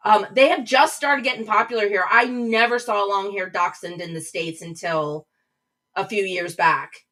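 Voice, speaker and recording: Reading chat comments aloud, this livestream host chats casually and rambles, restarting often. She speaks at normal speed in a steady, mid-range voice that sounds pushed and bright, caught by a webcam mic a little back from the screen on a distant, low-quality recording.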